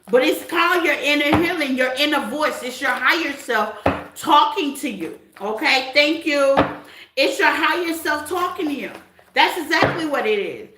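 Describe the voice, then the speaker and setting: Bright, high-voiced woman tarot reader. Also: roomy sound, a little hiss or hum, low-quality recording. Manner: conversational, chatty, repeats "okay?" often. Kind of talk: spiritual tarot reading.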